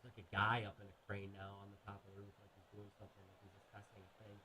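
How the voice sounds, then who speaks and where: A radio co-host chatting casually while playing golf, excitable, cheering his shots on and swearing freely. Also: lowish voice, racing, slight background noise. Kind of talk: casual chat over a video game.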